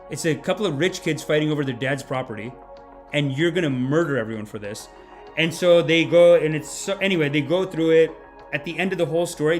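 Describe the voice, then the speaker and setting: A fairly high-pitched man hosts a comedy podcast, retelling an old tale as a sarcastic rant. He swears freely and gets riled up, and faint music plays behind him.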